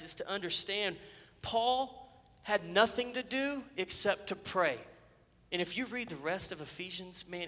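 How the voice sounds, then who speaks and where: An earnest pastor preaching with passion and emphatic builds. His voice is high and bright, and a long echo rings through a big church hall. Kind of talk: sermon. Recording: echoey church sanctuary.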